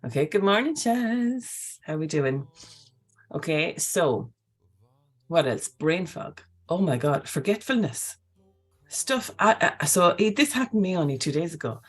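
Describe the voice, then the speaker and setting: A woman, hosting a casual live talk in an animated, chatty way, often tagging on okay and right. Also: fairly low pitch, a little slow, husky. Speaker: host.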